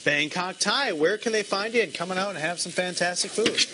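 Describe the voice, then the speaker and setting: A man's voice: high voice, a little fast, pushed and bright, a little hiss or hum. A man hosting a cooking segment in a studio kitchen, upbeat and full of praise. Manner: enthusiastic, praising. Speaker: TV show host.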